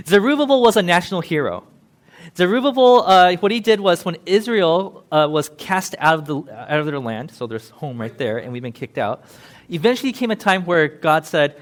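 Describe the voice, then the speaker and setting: A man preaching in a church with an easy, conversational style. His voice sits a little high, and he talks loosely and jokes with the congregation as he explains the text. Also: animated. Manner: chatty, joking, with quick laughs. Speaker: pastor. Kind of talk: casual sermon.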